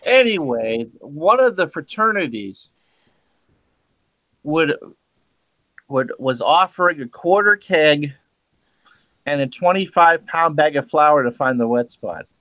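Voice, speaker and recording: Man in his 50s, fairly high voice, blunt banter, dry recording. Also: animated, a bit bright, dry recording. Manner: blunt, fast-talking banter. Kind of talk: casual chat.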